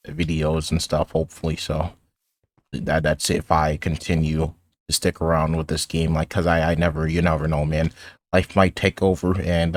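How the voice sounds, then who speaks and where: A teenage boy with a low voice rambles through stories while he plays a game. He restarts his sentences often and drops in sarcastic asides. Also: no echo. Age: teens. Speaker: gaming YouTuber. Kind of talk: casual commentary over gameplay.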